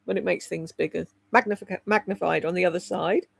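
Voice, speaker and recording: Her voice lowish, gravelly and husky with a steady tone, a UK woman in her sixties chats fairly quickly while reading her livestream chat at home. There's no room sound, and she curses, laughs a lot, and rambles openly.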